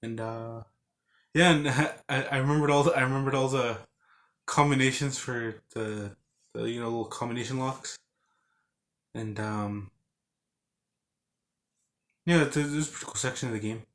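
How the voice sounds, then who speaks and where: A man talks through a video game's story in a loose, rambling way, full of fillers and false starts. His voice sits at an ordinary middle pitch. Now and then he breaks into growls and sound effects for the characters. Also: normal speed, long pauses, a bit bright. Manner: acts out game characters with grunts and sound effects. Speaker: game reviewer. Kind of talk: casual game recap.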